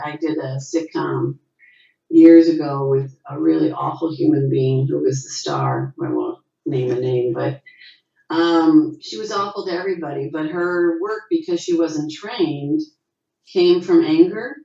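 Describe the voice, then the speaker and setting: A middle-aged woman with a low, mellow voice tells stories from her acting career in an animated way, jumping up into her quotes. Her voice comes through a muffled video call. The room behind her sounds roomy and echoey. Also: measured pace, vocal fry. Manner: animated storyteller, acts out quotes with rising pitch. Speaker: actress, interview guest. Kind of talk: casual interview over video call.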